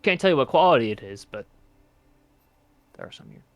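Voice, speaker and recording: A man's voice: medium pitch, sing-song, a little fast, fairly bright tone, no room sound. A man narrating as game master of a tabletop game, with many hesitant filler sounds.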